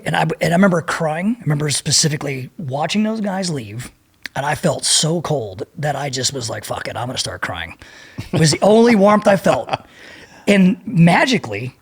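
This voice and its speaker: A man's voice: fairly high pitch, husky. A man in his fifties, a podcast guest, telling rambling, profane war stories in a casual way. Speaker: podcast guest, former Navy SEAL. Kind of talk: casual storytelling.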